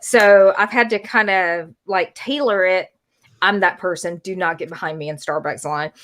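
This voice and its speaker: A woman's voice: fairly low pitch, normal speed, fairly bright tone. A woman hosting a casual chat, chatty and self-deprecating.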